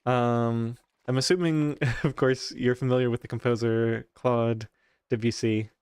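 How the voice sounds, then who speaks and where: A man's voice: medium pitch, fairly even intonation, unhurried, darkish tone, smooth, no room sound. A man streaming a game, chatting casually and thinking aloud with fillers. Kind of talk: casual chat while gaming.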